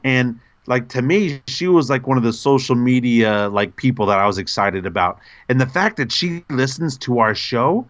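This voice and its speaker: A man's voice: moderate pace, hardly any pauses. Gushing male podcast host, dull lo-fi sound. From North Carolina, USA. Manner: gushing, animated, pitch jumps when excited. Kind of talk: casual podcast chat.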